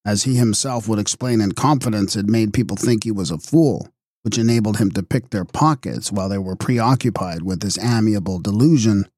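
A man narrating an audiobook in a measured, wry tone. His voice sits low, and the recording is close and dry with no room echo. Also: a little mellow.

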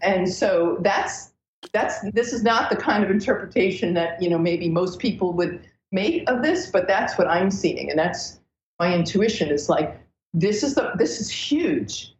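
Animated woman astrologer, roomy lo-fi sound. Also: fairly low pitch, measured pace, a little hiss or hum. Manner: animated, breathless storytelling with many restarts. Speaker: astrologer guest. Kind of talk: casual podcast interview.

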